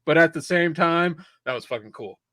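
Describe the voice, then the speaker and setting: A man co-hosts a podcast, casually chatting about a film, rambling with lots of restarts and the occasional curse word. His voice sits on the high side with lively intonation at a normal speed, and there's background noise.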